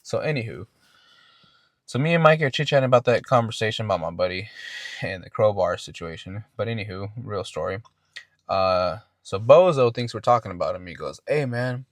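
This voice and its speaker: A podcast host spins a casual, profane story in a low voice. He wanders and restarts his words often. The sound is dry and close, with no room echo. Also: lively intonation, fairly quick.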